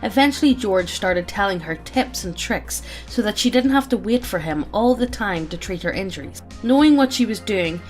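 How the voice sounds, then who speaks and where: A woman's voice: mid-range voice, expressive, normal speed, hardly any pauses, soft background music. A woman reading out a character backstory among friends, often breaking into laughter. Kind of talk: reading a backstory aloud with banter.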